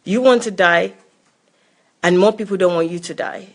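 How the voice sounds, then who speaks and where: A woman's voice: lowish voice, moderate pace. A woman co-hosting a live question-and-answer talk, reading viewer comments and reacting openly.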